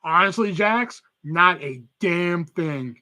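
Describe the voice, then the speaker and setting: Here a young livestream host speaks slowly in a high, bright, expressive voice with a forceful edge. He chats loosely and rambles, swearing without restraint and reading the chat aloud.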